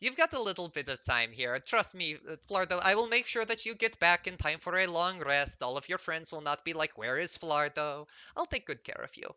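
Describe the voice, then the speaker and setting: A man's voice: a little high, lively intonation, a little fast, hardly any pauses, sharp tone, smooth, no room sound, poor audio. Man doing a stuttering bird-woman mimic. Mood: coy. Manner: stutters and repeats words like a mimic. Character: flirty female bird-person bard, mimic.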